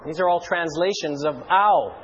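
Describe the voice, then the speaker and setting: A man preaching a sermon in an animated, rhetorical way with playful asides. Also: on the high side, normal speed, muffled recording, slight background noise.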